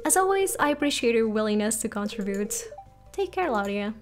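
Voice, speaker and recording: A woman's voice: fairly high pitch, sing-song, fairly quick, faint music behind. A woman voicing an older, chatty small-town mayor as she reads his game dialogue in a folksy, explanatory way. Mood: cheerful.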